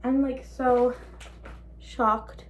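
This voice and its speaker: A young woman vlogging casually, excited and disbelieving, rambling with many fillers as she tells her story. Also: sits high, extremely slow, slight background noise.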